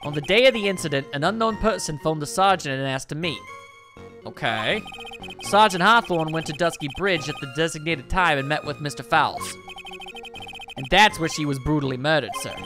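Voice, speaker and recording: A man voicing an eager, slightly dim male police detective who answers "yes, sir" loudly. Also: fairly high pitch, lively intonation, fairly quick, music in the background, lightly acted.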